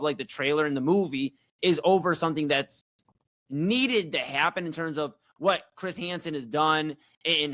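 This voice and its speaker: A young man co-hosting a comedy chat show, telling a story in a rambling, animated, self-mocking way. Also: on the high side. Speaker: co-host.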